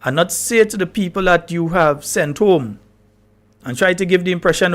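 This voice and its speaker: A man's voice: sits high, moderate pace. A man hosting a live talk radio show, chatty and often checking that listeners understand. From Grenada.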